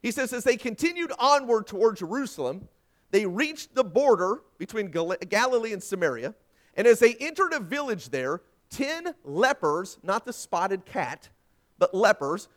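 Animated high-voiced preacher. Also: male voice. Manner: dramatic swings from loud emphasis to hushed near-whisper; folksy asides to the congregation. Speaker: pastor. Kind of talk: sermon.

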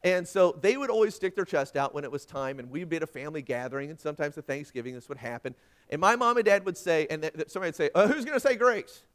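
A man's voice: a little high, fast talker. A man preaching a sermon, telling stories and acting out the voices in them. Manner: animated storytelling, acts out quoted voices. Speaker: pastor. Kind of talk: sermon with anecdotes.

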